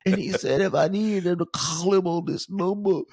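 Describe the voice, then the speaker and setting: A whiny little boy pleads down the phone line, breathing hard and climbing high in pitch, as a grown man puts him on. His voice is lifted and pushed, a kid's begging tone, caught in a dry room. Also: moderate pace, vocal fry, darkish tone, husky, no echo, heavily acted. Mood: pleading.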